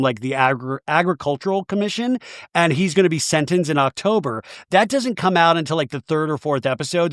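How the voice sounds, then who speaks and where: A man hosting a casual chat, rambling along in an animated way with plenty of "like" fillers. His voice sits a bit high for a man. The sound is dry and close, with no room around it. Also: no echo. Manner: rambling, animated retelling with lots of "like". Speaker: podcast host. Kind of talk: casual chat about reality TV.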